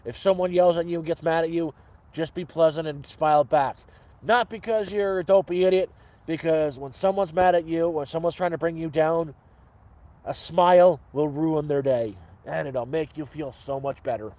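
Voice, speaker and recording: A man's voice: on the high side, normal speed, a little mellow. A man hosting a live cooking stream from his camp, rambling cheerfully to viewers and swearing freely.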